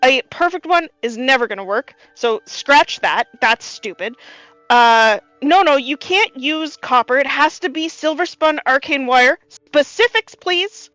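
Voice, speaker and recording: A woman's voice: high voice, lively intonation, a bit bright, no room sound, soft background music, poor audio. A woman doing a cranky ancient gnome tinkerer. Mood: scornful. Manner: impatient, curt, rapid-fire scolding. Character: cranky very old male rock gnome tinkerer.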